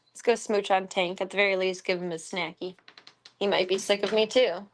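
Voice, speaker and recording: A woman of middle pitch talks casually to her stream from home. She chats in a relaxed, wry way. She slips into cooing baby talk whenever she turns to her pets. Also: fairly quick, a little hiss or hum. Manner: chatty and wry. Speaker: live streamer.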